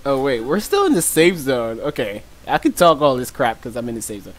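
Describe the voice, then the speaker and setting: A man's voice: very animated, fairly quick. A young man doing gameplay commentary as a YouTuber, joking and teasing, often breaking into laughter. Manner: laughs often, shrieks high when chased; joking, teasing trash talk. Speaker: gaming YouTuber.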